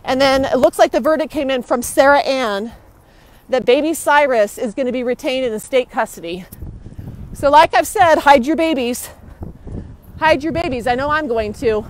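A young woman is live on her hand-held phone outdoors near a courthouse, walking fast, upset and indignant, going back over the same points. The voice is high and the speed normal, but the audio is poor.

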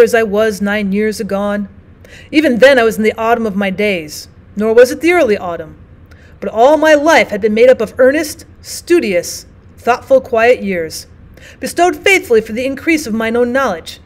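A woman voicing a bitter old male physician bent on revenge, speaking loudly and sternly in old-fashioned words. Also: fairly high pitch, lightly acted.

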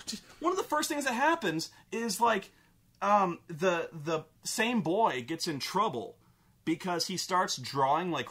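A young man ranting casually about a film, excitable and profane, acting out scenes in exaggerated voices. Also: on the high side. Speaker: vlogger reviewing a film.

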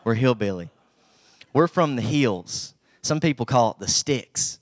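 A man's voice: medium pitch, expressive, unhurried, no echo, studio quality. A young man from Southwest Virginia with an Appalachian accent, preaching a folksy, humble sermon that rises to emphatic bursts.

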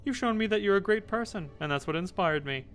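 A man's voice: high voice, lively intonation, fast, a bit bright, faint music behind, voice pushed up. A man doing a humbled rich young office guy. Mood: earnest. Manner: earnest, long-winded confession. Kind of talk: game dialogue read aloud.

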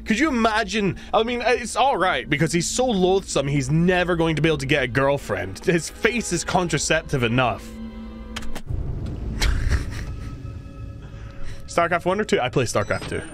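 A man talks over his horror game playthrough with a sarcastic, ranting edge and salty language. His voice sits a bit high and swings widely in pitch, climbing into loud bursts of exasperation. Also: lively intonation, fairly quick, few pauses, music in the background. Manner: swears freely. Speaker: gaming video creator. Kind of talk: let's play commentary.

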